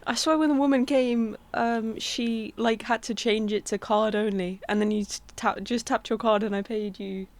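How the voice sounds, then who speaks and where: A woman's voice: fairly high pitch, fairly even intonation, normal speed, gravelly, hardly any pauses, a little mellow. A young woman, co-hosting a podcast and chatting casually, often hedging with "like". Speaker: podcast co-host. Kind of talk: casual storytelling chat.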